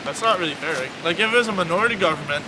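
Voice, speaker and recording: A man's voice: a little high, lively intonation, racing, background noise, natural voice. A young man playing a chatty Canadian hoser in an amateur comedy sketch, outdoors, filling every phrase with "like" in a Canadian accent. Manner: filler-heavy, says "like" constantly. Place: outdoors on a snowy hill.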